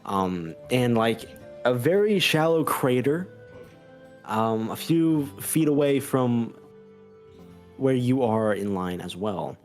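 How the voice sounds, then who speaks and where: A man narrating a tabletop game as game master, halting and full of fillers and restarts. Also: medium pitch, big pitch swings, darkish tone, faint music behind.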